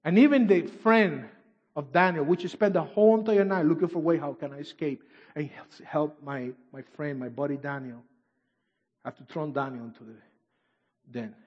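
A man preaching a sermon and reading scripture aloud, swinging from shouts to near-whispers, with non-native English phrasing. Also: fairly high pitch, normal speed. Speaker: pastor. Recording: dull echoey hall recording.

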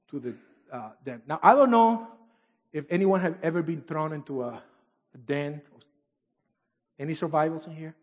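Male pastor with non-native English phrasing, sermon delivery swinging from shouts to hushes; dull, reverberant hall recording. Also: fairly high pitch, breathy edge. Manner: dramatic swings from shouts to near-whispers, reading scripture aloud.

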